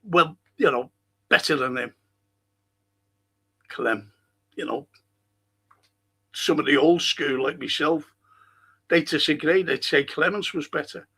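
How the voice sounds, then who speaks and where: A man's voice: on the high side, takes it slowly, pauses often, bright, forceful tone, breathy edge. An older man hosting a live podcast, reading viewer comments and talking in a rambling, passionate way, swearing freely. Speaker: podcast host.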